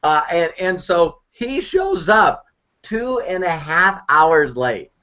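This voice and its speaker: Animated storytelling man on a muffled call. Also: fairly high pitch, takes it slowly. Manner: animated, repeats words while speaking. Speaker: online marketing mentor. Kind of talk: storytelling on a live video conference. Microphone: video call. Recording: muffled video call audio.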